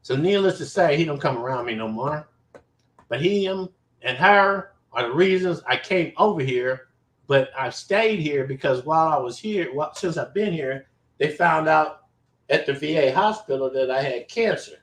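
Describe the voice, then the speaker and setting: A man tells a story from his own life in a casual, animated way, swearing freely and repeating himself for emphasis. His voice sits a little high. The room gives off a noticeable echo. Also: normal speed. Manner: animated and profane, with emphatic repetition. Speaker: vlogger telling a personal story. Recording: roomy echo.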